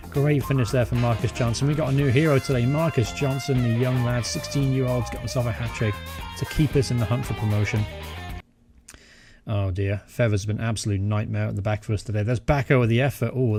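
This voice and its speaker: A young man giving excitable live commentary over a football management game, cheering at goals. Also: medium pitch, gravelly, breathy edge, dry recording. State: out of breath. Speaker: gaming channel host.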